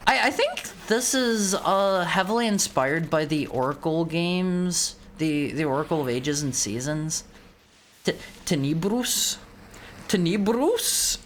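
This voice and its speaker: Low-voiced young woman streaming a game. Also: lively intonation, unhurried, hardly any pauses, a little hiss or hum. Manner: rambling, stumbles and repeats words. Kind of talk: casual let's-play commentary.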